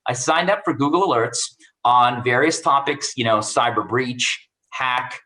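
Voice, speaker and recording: Man, expert guest on a video call; bright, punchy delivery, animated storyteller. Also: mid-range voice, unhurried, low-quality recording. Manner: animated, acts out quoted dialogue. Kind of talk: storytelling career advice.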